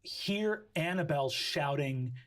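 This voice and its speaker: A man narrating a tabletop game as game master, casual and halting. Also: on the high side, lively intonation, fairly bright tone.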